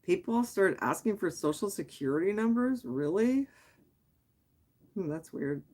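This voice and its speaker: Her voice is on the low side, darkish and slightly rough, with lively intonation at a normal speed. This native English-speaking woman from Quebec hosts a casual late-night livestream, candidly rambling through viewers' comments while thinking aloud, peppered with "like"s and restarts.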